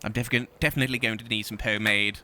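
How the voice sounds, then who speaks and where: A man's voice: lowish voice, fairly even intonation, fast talker, bright, forceful tone, a little hiss or hum. A man hosting comedic gameplay commentary in a theatrical, pompous manner. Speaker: gaming host in character. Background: game music and sounds.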